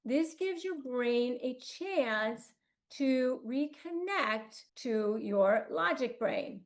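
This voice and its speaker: A woman's voice: high-pitched, animated, drawn-out words. A woman hosting an advice talk, coaching in emphatic, clipped phrases. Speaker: host.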